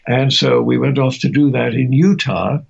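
A man's voice: mid-range voice, steady tone, moderate pace, creaky, slightly rough. An older man, a veteran voice actor, telling stories in an interview with occasional chuckles. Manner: warm anecdotal storytelling with chuckles. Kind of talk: reminiscing interview. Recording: muffled lo-fi audio.

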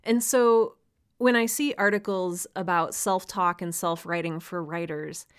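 A woman's voice: on the low side, steady tone, a little slow, clear, resonant tone. A woman hosting a solo podcast for writers, talking in an earnest, encouraging way with a light laugh now and then. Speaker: podcast host.

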